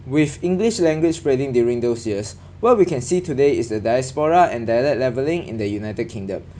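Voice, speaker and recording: Young male student presenter, warm mid voice, explanatory scripted read over faint noise. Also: medium pitch, lively intonation, fairly quick. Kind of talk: read-aloud class presentation.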